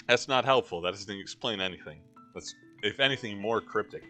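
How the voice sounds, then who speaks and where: A man's voice: medium pitch, fairly quick, bright, forceful tone, faint music behind. A man hosting a let's play, giving casual gameplay commentary with wry, joking asides.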